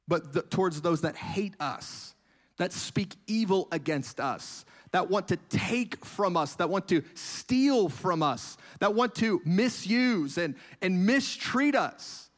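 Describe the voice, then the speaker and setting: A man preaching a sermon in an earnest voice, building emphasis through repeated phrases. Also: high voice.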